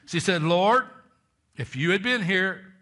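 A man's voice: sits high, lively intonation, unhurried, sharp tone. A man preaching a sermon, reading scripture and pressing the point with emphatic questions and calls for amens.

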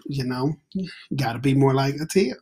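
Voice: medium pitch, moderate pace, a little mellow, husky. An interview host with a mid-range voice, upbeat and encouraging as they chat with a guest. They talk in a loose, conversational way. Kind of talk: casual interview.

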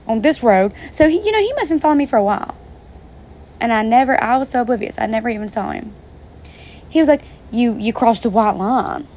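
A woman's voice: fairly high pitch, animated, fast talker, long pauses, darkish tone. Chatty, swearing young woman telling a story. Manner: chatty, profane, speaking straight to viewers. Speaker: vlogger. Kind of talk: casual storytime vlog. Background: faint rain.

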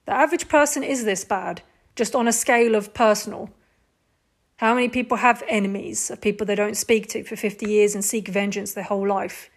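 A woman's voice: mid-range voice, fairly even intonation, a little fast. A woman giving an informal Bible teaching, earnest and emphatic, putting rhetorical questions to her listeners and leaning on "like" as she explains.

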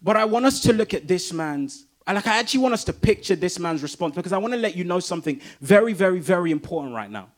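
A man's voice: sits high, expressive, fast, few pauses. A man preaching a sermon in an emphatic, repetitive way that builds intensity.

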